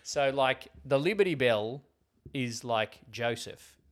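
A man's voice: mid-range voice, animated, slow pace. A man co-hosting a podcast, chatting casually about a film and often trailing off with fillers. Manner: rambling, trails off with "like". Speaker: podcast co-host. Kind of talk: casual film discussion chat.

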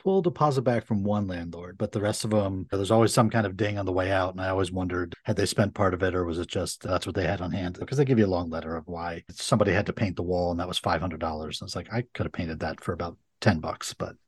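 Male attorney guest, quick-talking and low-voiced, dry close recording. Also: breathy edge, no echo. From Connecticut, USA. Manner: brisk, chatty storyteller. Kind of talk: casual interview chat.

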